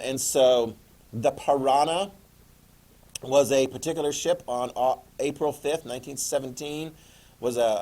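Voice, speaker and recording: A man's voice: mid-range voice, darkish tone. Man, history teacher, classroom lecture, chatty, asks questions, joking.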